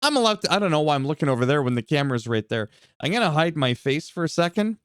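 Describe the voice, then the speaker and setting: A man casually commentating a wrestling video game, reacting loudly, laughing often and swearing freely. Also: on the high side, animated, fast, clean tone, dry recording, studio quality. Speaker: gameplay commentator.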